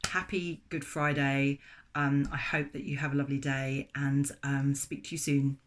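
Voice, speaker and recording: A middle-aged woman telling a story in a casual, chatty way, full of fillers and lively retellings. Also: a bass voice, moderate pace. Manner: chatty, animated, many fillers. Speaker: vlogger.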